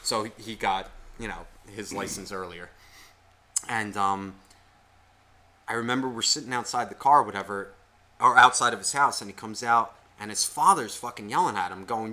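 Guy on a podcast, swearing every other word, rambling story, really bright sharp tone. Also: fairly low pitch, brisk. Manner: profane, rambling, animated storyteller. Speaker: podcast co-host. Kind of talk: casual storytelling chat.

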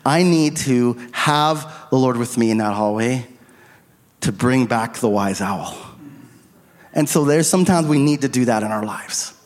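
A man's voice: mid-range voice, unhurried. A middle-aged man preaching a sermon as a pastor, telling a personal story in an earnest, confessional way, on a handheld microphone. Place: church sanctuary. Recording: long reverb of a church hall.

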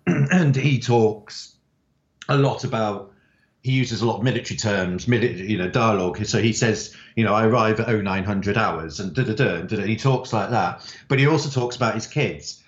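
A man's voice: fairly low pitch, normal speed, echoey room, muffled recording. A man, a writer, chatting in an interview and telling stories with many fillers. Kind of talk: interview conversation.

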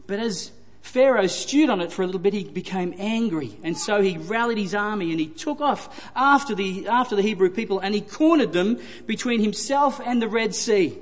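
A high-voiced man delivers a sermon, leaning on repetition for emphasis. His voice carries a long hall reverb around it. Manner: retelling scripture with emphatic repetition. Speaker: preacher.

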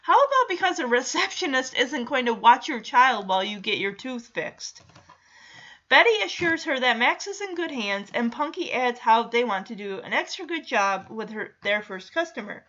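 A woman's voice: on the high side, very animated, moderate pace, fairly bright tone, lo-fi sound. A woman recapping a TV episode in casual chat, with sarcastic asides and frequent laughs. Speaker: show recapper.

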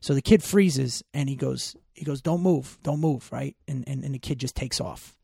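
A man's voice: medium pitch, normal speed, creaky, mellow, breathy edge, no echo, clean studio sound. A man telling stories in casual chat, emphatic and full of profanity.

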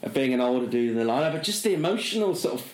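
A man's voice: medium pitch, lively intonation, very fast, roomy sound. A middle-aged man, co-hosting a casual chat and telling a long self-mocking story, full of fillers. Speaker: podcast co-host.

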